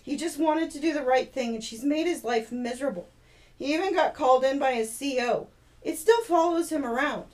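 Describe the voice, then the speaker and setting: A woman's voice: high-pitched, brisk, darkish tone, voice pushed up, natural voice. A woman voicing an angry, loyal young woman in a storybook reading, indignant and upset.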